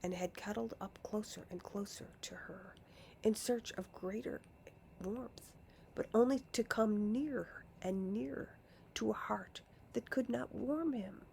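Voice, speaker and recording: Slow, hushed woman reading a storybook. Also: medium pitch, gravelly, slight background noise. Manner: slow, deliberate, often slipping into a hush. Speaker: narrator.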